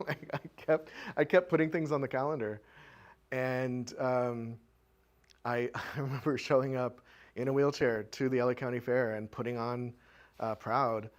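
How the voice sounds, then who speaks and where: At a community show-and-tell, a man with a mid-range voice shares a frank personal story with the live audience. He talks conversationally and fills his speech with frequent filler words.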